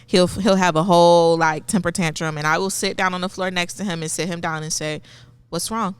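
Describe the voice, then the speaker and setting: Young mother, podcast guest, low smooth voice, calm and supportive. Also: a little fast, no echo. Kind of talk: casual chat.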